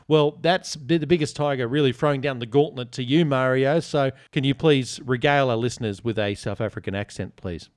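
A man's voice: medium pitch, no echo, studio quality. A man hosting a casual podcast, joking and teasing as he reads listener reviews. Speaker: podcast host. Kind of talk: casual chat.

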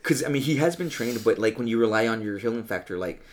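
A man's voice: mid-range voice, expressive, fast talker. A young man co-hosting a podcast, reviewing comic books in a casual, profane, rambling way, full of "dude". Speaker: podcast co-host.

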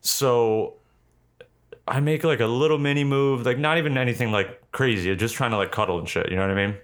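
A man's voice: mid-range voice, a little fast. A young man telling a long, rambling, profane story in a casual chat, full of fillers.

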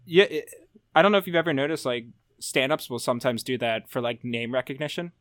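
A man co-hosting a podcast in casual chat, animated and chuckling, slipping into impressions. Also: medium pitch, a little fast, no room sound, clean studio sound. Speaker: podcast co-host.

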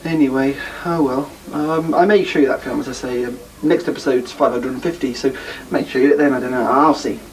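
A man's voice: medium pitch, steady tone, brisk, hardly any pauses, distant mic, low-quality recording. A man chats to his viewers in a rambling, self-deprecating way, full of ums and asides. He sits a bit back from the microphone, with faint hiss. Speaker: podcast host. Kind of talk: casual address to viewers.

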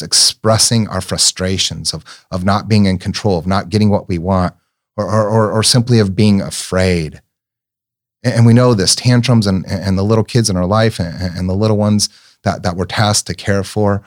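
A middle-aged man giving an earnest, reflective sermon-like talk, telling personal stories gently and often repeating words as he searches for them. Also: on the low side.

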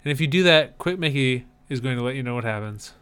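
Smooth-voiced, wry podcast co-host man. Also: medium pitch, lively intonation, quick pace, a bit bright. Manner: dry, wry humor. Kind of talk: casual chat.

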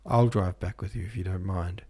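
A man reading the part of a regretful young man who speaks gravely and quietly. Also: sits low, fairly even intonation, moderate pace, no room sound.

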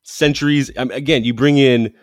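A man's voice: medium pitch, steady tone, moderate pace, dry recording, clean studio sound. Enthusiastic man hosting a football show. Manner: enthusiastic, rambling, self-correcting. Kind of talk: casual sports commentary monologue.

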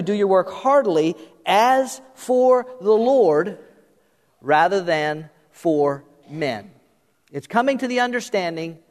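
A middle-aged man preaching a sermon as pastor, talking conversationally and directly to his congregation in a church. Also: high-pitched. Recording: long hall reverb.

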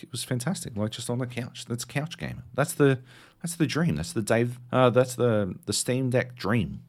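On a casual podcast, an Australian co-host in his thirties tells animated, heavily sworn stories. When quoting someone's outburst, his pitch jumps high.

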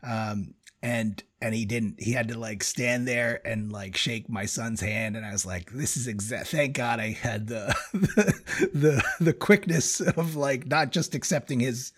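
A man in his forties, husky and a little breathy, mid-pitched, telling a story with lots of energy and frequent laughs. he speaks in a relaxed, conversational way. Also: a little slow. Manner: animated storyteller, laughs often between phrases. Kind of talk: casual conversation.

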